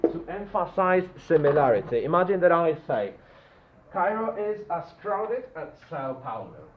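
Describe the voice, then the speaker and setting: A man teaches a grammar lesson in a classroom, with a lively, rather high voice that rises and falls a lot. He checks in with the class often and stretches out his example words slowly. The recording is dull and lo-fi, with room echo and a faint hum behind. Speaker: English teacher.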